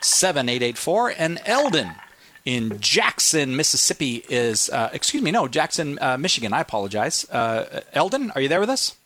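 A man's voice: mid-range voice, big pitch swings, normal speed, fairly bright tone. A man hosting a call-in radio show, upbeat and joking, often correcting himself mid-sentence. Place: radio studio. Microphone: studio microphone.

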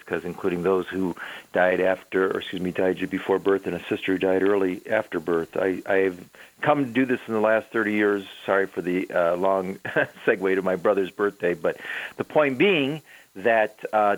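A man's voice: sits low, dry recording, poor audio. A man in his seventies, a theologian guest on a call-in radio show, speaking in a rambling, digressive way. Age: 70s.

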